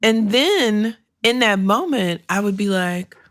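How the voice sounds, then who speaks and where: A woman's voice: medium pitch, lively intonation, takes it slowly, a bit bright, dry recording, clean studio sound. A middle-aged woman hosting a career advice podcast, talking bluntly and sassily, with laughs and acted-out quotes. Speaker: podcast host and career coach. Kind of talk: candid solo podcast advice.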